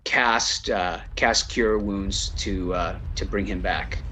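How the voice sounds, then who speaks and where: A man's voice: deep voice, slow, bright, forceful tone, a little hiss or hum. A man playing a tabletop game, hesitant and thinking aloud about the rules. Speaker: player. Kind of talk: casual tabletop play.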